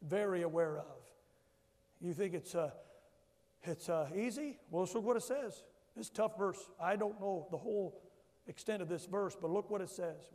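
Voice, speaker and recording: A man's voice: high-pitched, normal speed, a little mellow. A male pastor preaching a sermon emphatically, calling on the congregation to answer back. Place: church sanctuary. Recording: long church hall reverb.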